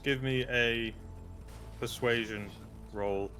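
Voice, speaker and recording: A man's voice: mid-range voice, fairly even intonation, slow pace, fairly bright tone, soft background music. A man narrating a tabletop role-playing game as game master, describing scenes with many ums and uhs. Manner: hesitant, filler-heavy narration.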